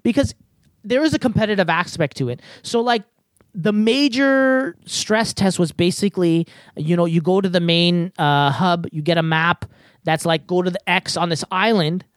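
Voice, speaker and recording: A man's voice: high-pitched, moderate pace, dry recording. A man in a casual gaming chat, explaining things at length with lots of "like" and "you know.".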